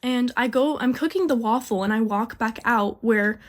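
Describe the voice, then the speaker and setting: A young woman telling a casual storytime about her job, chatty and indignant, with lots of "like". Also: a little high. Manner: chatty, fast, full of "like", quoting people with indignation. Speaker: storyteller recounting a job as a cashier.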